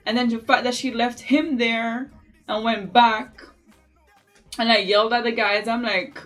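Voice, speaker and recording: A beauty vlogger talks through her makeup in a casual, opinionated way, her fairly high voice moving at a measured pace over faint music. She's chatty and throws in lively asides.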